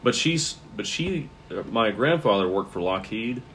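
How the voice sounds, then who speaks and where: A man with a very deep, low voice talks loosely in a casual podcast chat. He rambles, stalls on fillers and hunts for the right word as he goes. A faint hiss of noise sits behind him. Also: lively intonation, a little slow, a bit bright. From American South. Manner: rambling, searches for words with many fillers. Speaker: comedian guest.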